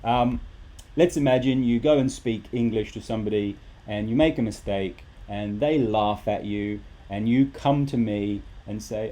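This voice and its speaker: A man's voice: medium pitch, moderate pace, warm tone, a little hiss or hum. A man teaching a live English lesson, talking animatedly and repeating rhetorical questions to his students.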